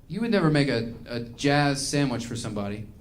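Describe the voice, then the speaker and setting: A man's voice: mid-range voice, big pitch swings, fairly quick. A male stand-up comedian performing a set on stage, ranting in a mock-angry way.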